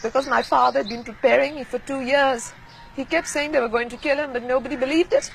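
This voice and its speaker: A woman from Pakistan recalling events in an archival interview, speaking in a quiet, measured, reflective way. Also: sits high, steady tone, vocal fry, a little hiss or hum, rough recording.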